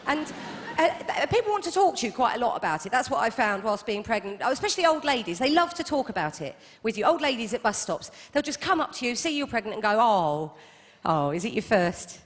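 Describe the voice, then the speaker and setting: A woman in her thirties performing a stand-up comedy set with wry, deadpan asides. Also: on the high side, fast, hardly any pauses. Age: 30s. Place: comedy club stage. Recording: reverberant live club hall. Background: audience laughter.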